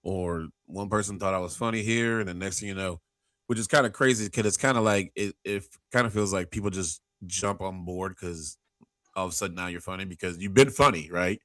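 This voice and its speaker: Low-voiced man telling rambling stories. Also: fairly quick, fairly bright tone, no echo, clean studio sound. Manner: rambling storyteller who acts out quotes, many restarts. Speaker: podcast host. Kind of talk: casual chat.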